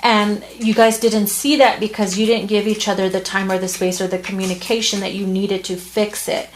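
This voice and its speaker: A woman's voice: medium pitch, little pitch movement, moderate pace, a little hiss or hum. Earnest woman giving a tarot reading. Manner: earnest, heartfelt, with many restarts and fillers. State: emotional, near tears at times. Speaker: tarot reader. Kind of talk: casual tarot reading to camera.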